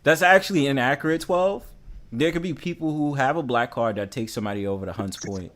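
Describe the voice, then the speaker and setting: A man's voice: mid-range voice, fairly quick, a bit bright. A man with a New York accent hosting a casual livestream panel, teasing and bantering as he talks. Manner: bantering, repeats "you know what I'm saying".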